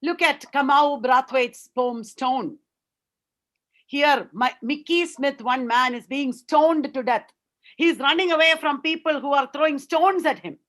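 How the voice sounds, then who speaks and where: A woman delivers an online literature lecture. Her voice sits high, and she explains earnestly, often repeating words to drive a point home. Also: unhurried, fairly bright tone. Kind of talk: academic webinar lecture.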